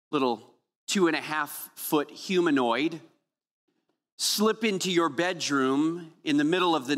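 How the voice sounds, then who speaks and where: A male pastor with a fairly high voice delivers a sermon at a very unhurried pace. He shifts between earnest prayer and playful, humorous storytelling. His voice carries a long reverb from a large church hall. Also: fairly bright tone.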